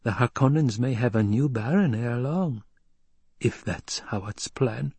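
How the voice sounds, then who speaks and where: A man voicing a shrewd, calculating count in an audiobook, dry and deliberate with small hesitations. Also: mid-range voice, a little mellow, husky, no echo. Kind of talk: audiobook character voice.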